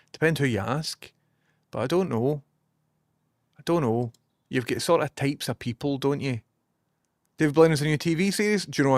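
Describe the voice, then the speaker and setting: Scottish guy streaming, swears a lot, lively rambling chat, dry close mic. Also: mid-range voice, no echo. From Scotland. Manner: animated, swearing, reads out chat messages.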